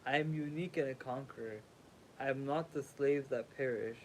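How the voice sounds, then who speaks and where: A man's voice: medium pitch, normal speed, a little mellow, a little hiss or hum, low-quality recording. A sleepy man reading a sacred text aloud as a livestream host, stumbling over words, rereading them and making casual asides.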